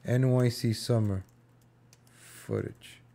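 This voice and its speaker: A man's voice: mid-range voice, steady tone, takes it slowly, gravelly, mellow. A young man casually joking and rambling as he reacts to old film footage for his viewers. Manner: joking, rambling, talks to viewers as folks and guys.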